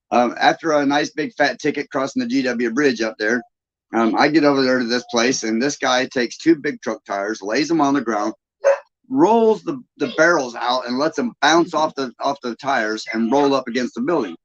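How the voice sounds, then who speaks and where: A man's voice: mid-range voice, normal speed, lo-fi sound. A man with a Southern US accent hosting a live stream, telling rambling stories in a casual, chuckling way. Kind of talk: casual storytelling chat.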